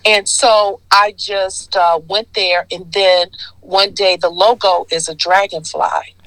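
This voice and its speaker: A woman's voice: lowish voice, a bit bright, no echo, rough recording. A woman in her sixties from Detroit, telling her story as a guest in a casual interview and acting out the voices she quotes. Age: 60s. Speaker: guest, skincare founder.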